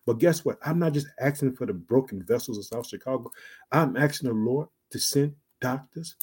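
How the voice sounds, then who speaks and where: A man preaching an online sermon with emphatic asides, swinging between loud and soft, drawing out key phrases slowly. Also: medium pitch, husky. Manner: emphatic, repeats "guess what" and "check it out".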